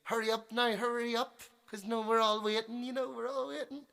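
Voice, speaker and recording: A woman's voice: fairly high pitch, flat delivery, fairly quick, vocal fry, a bit bright, pitched above the performer's own voice. A man putting on a bossy, tipsy woman. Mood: pushy. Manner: bossy, impatient, repeats herself. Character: pushy tipsy woman heckling a musician.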